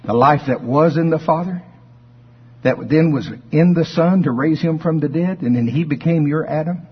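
A male preacher delivering a sermon, telling folksy stories and bursting into shouts of praise. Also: on the high side, moderate pace, breathy edge, muffled recording.

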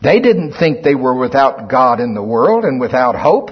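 A man's voice: mid-range voice, sing-song, moderate pace, few pauses, slightly rough. A man preaching a sermon, reading scripture aloud and explaining it, with emphatic swells in volume. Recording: muffled lo-fi recording in a reverberant hall.

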